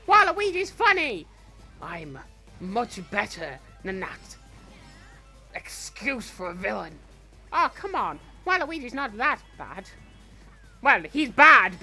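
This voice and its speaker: A man plays a cocky, greedy young male villain who chats boastfully over a game. The voice is bright and forceful, with a lively pitch that leaps up and down. It is in-character gameplay commentary from a fan production. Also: full character voice. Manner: boastful and chatty. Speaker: fan voice actor playing a character.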